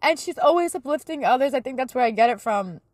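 A woman's voice: high-pitched, expressive, fast talker, dry recording, clean studio sound. A woman in her thirties hosting a casual faith talk, telling stories in an earnest, chatty way with plenty of fillers. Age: 30s. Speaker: podcast host.

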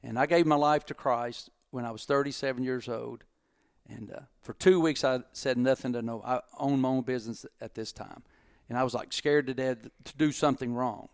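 Middle-aged guy telling stories, gravelly, jumps around a lot when he acts stuff out. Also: moderate pace, dry recording, clean studio sound. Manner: animated storyteller, acts out quotes, jumps in pitch. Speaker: guest, business owner. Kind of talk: casual podcast conversation.

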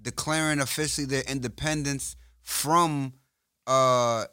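Dry-joking man with a bright voice. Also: mid-range voice, fairly even intonation, a little slow, smooth, dry recording. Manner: dry, facetious jokes, steers topics. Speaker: podcast co-host. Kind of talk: casual chat.

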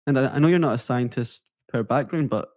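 A man's voice: medium pitch, fairly quick, a little mellow, no room sound, clean studio sound. A man hosting a podcast interview, asking eager, friendly questions in a casual way. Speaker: podcast host.

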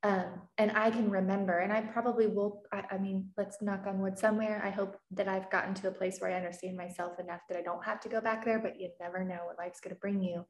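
A woman's voice: medium pitch, level tone, fast, few pauses, roomy sound. Candid Midwestern-raised woman telling stories. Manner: candid, storytelling with acted quotes. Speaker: coach. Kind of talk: casual conversation.

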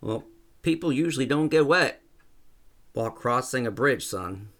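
A man voicing a blunt, joking older rancher who talks in a gruff, plainspoken way. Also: medium pitch, lively intonation, unhurried, fairly bright tone. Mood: folksy.

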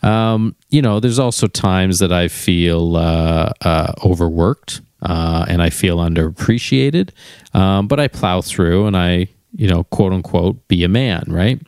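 A man's voice: deep voice, unhurried, a little mellow, clear, resonant tone, dry recording, clean studio sound. A middle-aged man talking through a personal reflection, candid and musing, often searching for his words.

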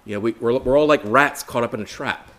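A man's voice: mid-range voice, brisk, a bit bright. A man preaching a Bible study sermon in an earnest way, asking rhetorical questions, repeating phrases and calling listeners brothers and sisters.

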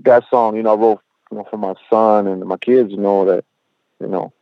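A man's voice: fairly low pitch, steady tone, brisk, no echo, phone-quality sound. A man speaking as a rapper guest in a casual interview, slangy and profane, leaning on "bro" and "you know what I'm saying," and mixing in Spanish phrases.

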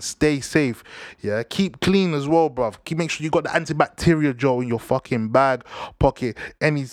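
Young London lad hosting a chat show, slangy and repetitive, mid pitch, recorded close and dry. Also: male voice, no room sound. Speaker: podcast host. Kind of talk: casual news and football chat.

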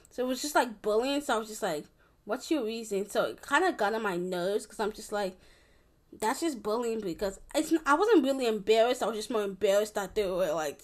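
Young woman rambling through a story. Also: a little high. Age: young adult. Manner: rambling, with many restarts and fillers. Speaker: vlogger. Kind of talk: casual storytelling to camera.

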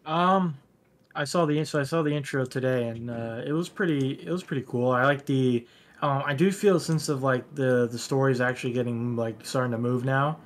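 A man's voice: mid-range voice, normal speed. A young man guesting on a casual gaming podcast, speaking hesitantly with many fillers.

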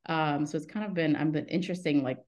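A woman's voice: sits low, steady tone, fast, a little mellow. A woman in her thirties, a podcast guest telling her story in a casual, rambling way, breaking off mid-sentence and acting out the lines of people in it. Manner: rambling, self-interrupting storytelling; acts out quoted dialogue in her stories. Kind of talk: casual interview chat.

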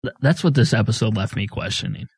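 Relaxed, wry man co-hosting. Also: lowish voice, fast, slightly rough, dry recording. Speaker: podcast co-host. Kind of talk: casual chat.

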